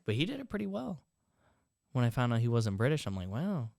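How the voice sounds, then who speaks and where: An easygoing young woman with an extremely deep voice chats on a podcast. Her voice sounds close and dry, with no room around it, and she laughs often while quoting imagined reactions. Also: huge pitch swings, fast talker, vocal fry, darkish tone, no echo. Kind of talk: casual podcast chat.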